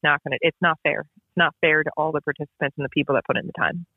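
A woman's voice: low voice, steady tone, quick pace, husky, no echo. Emphatic woman on a tinny phone line. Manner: emphatic, with lots of repetition. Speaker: basketball referee and podcast guest. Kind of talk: casual interview storytelling.

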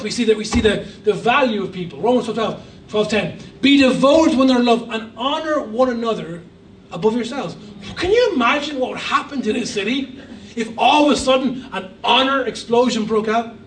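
High-voiced pastor preaching in an echoey hall. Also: male voice, lively intonation, a little fast, far from the mic, slight background noise. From Ireland. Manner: emphatic, preachy, with humorous asides. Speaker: guest pastor. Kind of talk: sermon. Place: church hall.

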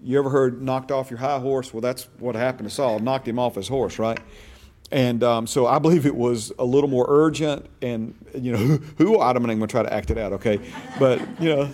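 A man's voice: medium pitch, fairly quick, darkish tone. A man teaching a Bible class in a conversational way, repeating phrases for emphasis and checking that his listeners follow him.

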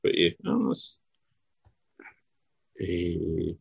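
A man's voice: sits low, completely flat delivery, extremely slow, gravelly. A Scottish man hosting a podcast in easygoing casual chat, often repeating words as he starts a thought. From Scotland. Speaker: podcast host.

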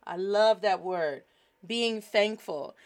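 A woman's voice: mid-range voice, slow, a loud crowd. A woman hosting a language lesson in a casual, upbeat teaching style, moving between English and Spanish. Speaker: host.

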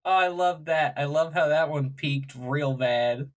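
A woman co-hosting a casual podcast from home, teasing and quick to laugh. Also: deep voice. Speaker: podcast co-host. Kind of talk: casual chat.

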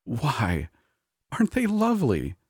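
A man's voice: mid-range voice, wildly swooping pitch, unhurried, darkish tone, husky, dry recording, studio quality, pitched above the performer's own voice, exaggerated voice. Man putting on an aged gushing diva. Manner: exaggerated, cooing. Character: aged theatrical female diva ghost, gushing.

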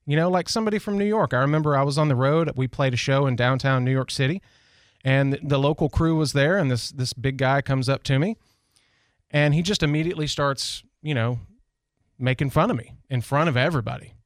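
A man's voice: medium pitch, brisk, dry recording. A man from Tennessee with a Southern accent, telling stories as a radio host in a loose, rambling way with many restarts. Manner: rambling storyteller, frequent restarts and "you know". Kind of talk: casual monologue.

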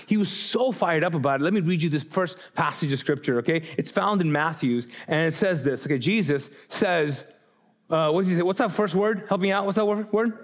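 A man preaching a sermon as pastor to a live congregation, casual and joking, drawing the audience in to answer him. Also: fairly high pitch. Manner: casual, joking, talks back and forth with the congregation. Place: church auditorium before a congregation.

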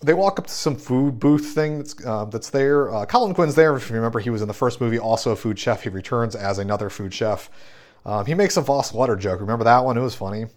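A man's voice: medium pitch, fast. A man casually recapping a movie plot on a podcast, rambling with lots of fillers. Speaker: podcast co-host.

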